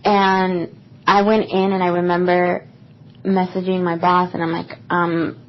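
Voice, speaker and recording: A woman's voice: fairly low pitch, level tone, a little slow. A young woman co-hosting a podcast, telling a personal story in a casual, rambling way with lots of fillers. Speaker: podcast co-host. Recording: dull lo-fi podcast recording.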